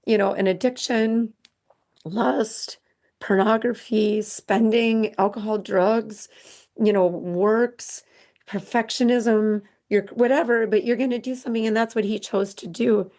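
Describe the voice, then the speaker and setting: A middle-aged woman speaks as a podcast guest with a voice that sits a little high. She tells her personal story earnestly and haltingly, often stopping and restarting her sentences. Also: fairly even intonation, darkish tone.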